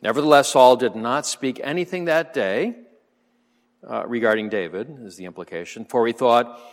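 Male preacher, mid-range voice, relaxed verse-by-verse teaching with fillers; long hall reverb. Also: medium pitch, normal speed. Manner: relaxed, explanatory, frequent "uh" fillers and soft chuckles. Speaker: Bible teacher.

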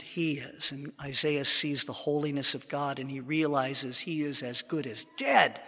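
A man preaching in a hall with a long, ringing reverb. His voice sits high and sounds bright. He talks at an unhurried pace and slows further to read scripture with dramatic emphasis. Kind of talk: sermon.

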